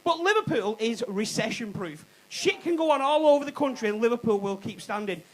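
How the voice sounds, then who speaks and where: A man's voice: very high voice, animated, brisk, low-quality recording. A man doing a cheeky stand-up comedy routine on a comedy club stage, swearing and laughing at his own jokes.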